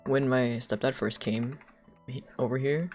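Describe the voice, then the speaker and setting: A woman's voice: extremely low pitch, steady tone, measured pace, darkish tone, faint music behind. A young woman streaming live, chatting casually in a rambling, giggly way with lots of filler words. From United States.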